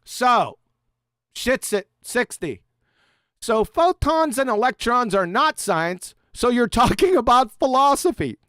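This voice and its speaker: A man ranting sarcastically at a critic, swearing heavily and swinging between loud jabs and low mutters. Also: sing-song, slow pace, no echo, studio quality. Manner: sarcastic, insulting, heavy swearing. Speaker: YouTube debunker. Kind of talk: profane mocking rant reacting to a critic.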